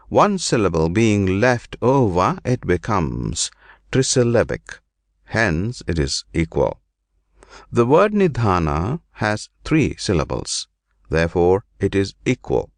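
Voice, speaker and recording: Slow, deliberate man reading scripture. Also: lowish voice, creaky, no room sound, clean studio sound. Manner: measured, deliberate phrasing. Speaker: reader.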